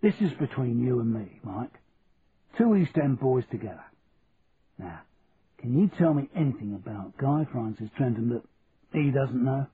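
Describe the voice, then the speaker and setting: Casting: man voicing a sly, matey old Cockney businessman, raised pitch, tinny lo-fi recording with faint hiss. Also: lively intonation, normal speed, pauses often, close to an everyday voice. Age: 60s. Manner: blunt, matey banter. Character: sixty-four-year-old Cockney businessman, shrewd and chummy.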